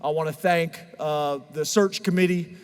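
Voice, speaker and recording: At a press conference, a man with a fairly high voice delivers heartfelt, emotional remarks as head football coach, keeping a moderate pace and fairly even intonation. His tone is clean, though the large room's long echo leaves him a bit distant and washed.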